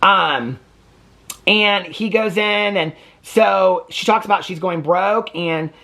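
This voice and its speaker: Taking it slowly, a man with a high, sharp-toned voice hosts a reality TV reaction video. He rants indignantly and swears freely in casual commentary.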